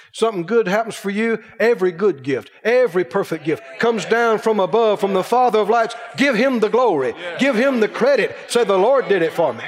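A man preaches with a high, lively voice that swoops up and down, asking questions and acting out the people he quotes. The sermon rings with long hall reverb. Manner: animated, acts out quoted voices, rhetorical questions.

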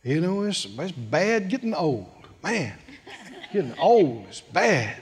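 A preacher voicing a self-pitying old person who complains about weakness and getting old. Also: male voice, a little high, sing-song, slow, voice pushed down. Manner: pitiful, sighing, complaining.

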